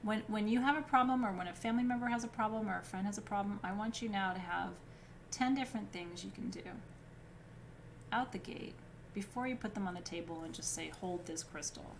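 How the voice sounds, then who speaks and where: A woman teaching a live class on crystals and chakras. She talks in an informal, chatty way, fills pauses with "um", keeps checking in with "right?", and laughs easily between points. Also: medium pitch, slight background noise. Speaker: spiritual teacher.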